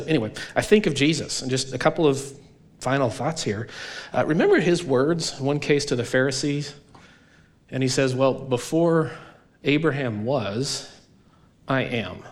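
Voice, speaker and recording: Earnest pastor preaching, asking "right?". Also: male voice, mid-range voice. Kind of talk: sermon.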